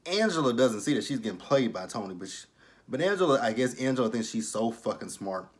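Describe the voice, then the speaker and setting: A man's voice: mid-range voice, big pitch swings, brisk. A man giving casual, blunt, profane commentary on a reality TV episode. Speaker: reality TV reviewer.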